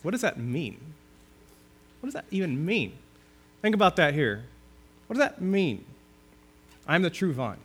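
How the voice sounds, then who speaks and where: A man with a notably high voice delivers a sermon as a pastor. He reads scripture slowly and deliberately, stressing key words before dropping to a hush. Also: sing-song, husky. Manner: preaching with strong emphasis, dropping to a hush on key phrases.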